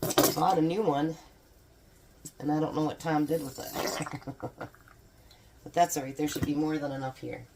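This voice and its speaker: Cooking in her home kitchen, a woman vlogger talks casually to camera in a low, steady voice at a moderate pace, with long pauses. She's chatty and homey, eating and tasting as she goes, and the recording is very noisy.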